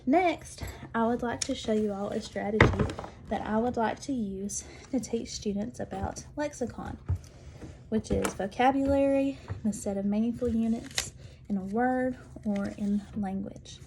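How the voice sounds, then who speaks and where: Woman, teacher, slightly high voice, deliberate, sounds out syllables, faint background hiss. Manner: clear, deliberate, sounds out word parts slowly. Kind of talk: instructional demonstration.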